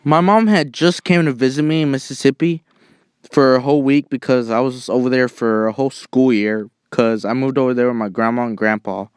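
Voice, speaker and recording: Young man, casual storytelling vlog, smooth clear voice, dry close sound, self-mocking and jokey. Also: mid-range voice, fairly quick, no echo. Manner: animated, jokey, self-mocking, cries out when quoting himself. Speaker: channel host.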